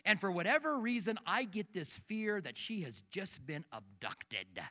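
Bright-voiced animated preacher in an echoey hall. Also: male voice, high-pitched, measured pace. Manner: animated storyteller who questions the congregation. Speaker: pastor. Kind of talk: sermon with personal stories. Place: large church auditorium with balconies.

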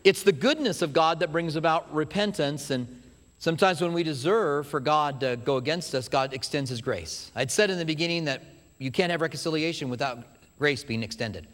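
High-voiced pastor preaching in a reverberant hall. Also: male voice, moderate pace. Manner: animated storytelling, acting out characters' lines. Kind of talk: sermon.

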